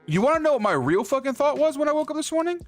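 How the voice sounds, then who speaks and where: A man's voice: extremely high pitch, sing-song, fast talker, faint music behind. A man streaming from home, ranting heatedly about card pack prices, swearing constantly and repeating himself as he gets worked up. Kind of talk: profane heated rant to stream chat. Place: indoor streaming setup.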